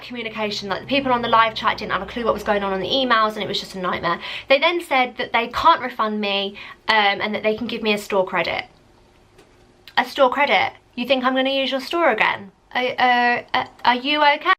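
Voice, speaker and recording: Chatty young woman, bright voice. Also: fairly high pitch. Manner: chatty, exasperated, heavy use of "like". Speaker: vlogger. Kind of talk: casual storytime vlog.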